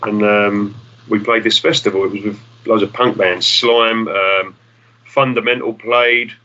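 A man's voice: on the low side, steady tone, measured pace, bright, forceful tone, lo-fi sound. A man, a musician guest rambling through stories, swearing casually and acting out the people in them. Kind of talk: casual storytelling.

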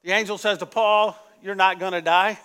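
A man's voice: sits high, steady tone, normal speed, pushed and bright, clean tone. A man preaching a sermon as pastor, with call-and-response lines and emphatic repetition, recorded in a church sanctuary. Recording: echoey church hall.

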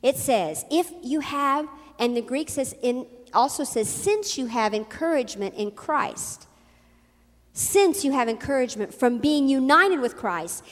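A woman's voice: sits high, expressive, a little slow, long reverb tail. A woman pastor delivering an emphatic sermon, acting out quotes as she tells a story. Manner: emphatic preaching with acted-out quotes.

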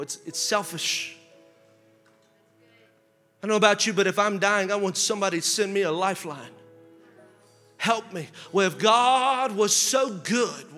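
High-voiced male preacher in a reverberant hall. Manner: preaching with rising, shouted emphasis and rhetorical questions. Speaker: pastor. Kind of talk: sermon.

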